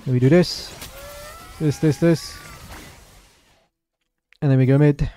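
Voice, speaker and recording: A young man commentates his own match live for his stream, chatty and excitable. His voice sits a little high, with a mellow, soft tone. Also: takes it slowly, a little hiss or hum. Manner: excitable, chatty, apologetic asides to chat.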